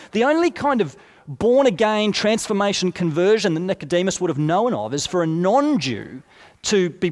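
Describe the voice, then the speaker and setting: Male preacher, high voice, chatty explanatory sermon, long hall echo. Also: darkish tone. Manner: conversational, explanatory, asides and rhetorical questions.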